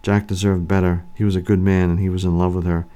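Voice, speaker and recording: A man narrating an audiobook in a measured, even way. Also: low voice.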